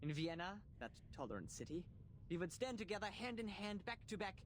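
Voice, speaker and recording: A man's voice: high-pitched, expressive, brisk, a little hiss or hum. An actor playing a grandiose man delivering a florid, theatrical eulogy in a game. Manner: theatrical, pompous, declamatory. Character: grandiose male mourner giving a florid eulogy. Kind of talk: game voice acting.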